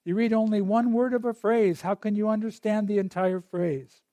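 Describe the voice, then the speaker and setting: A man puts on a calm, wise old woodcutter in a storytold parable, his high voice mellow and his questions patient and measured. He speaks dry and close, never rushing. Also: no echo, close to an everyday voice. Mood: gently reproving.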